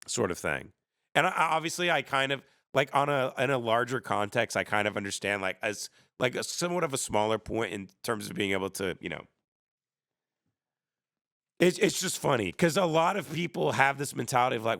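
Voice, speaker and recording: A man's voice: medium pitch, animated, moderate pace, a bit bright, no room sound, studio quality. A man in his thirties telling rambling comedic stories on a livestream, sarcastic and full of mocking put-on voices. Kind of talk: casual comedic storytelling rant.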